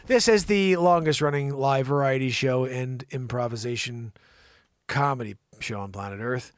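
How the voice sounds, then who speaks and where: A man hosting an improvised live comedy show, teasing and rambling, swinging from loud shouts to hushed whispered asides. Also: medium pitch, expressive, moderate pace, no echo, studio quality.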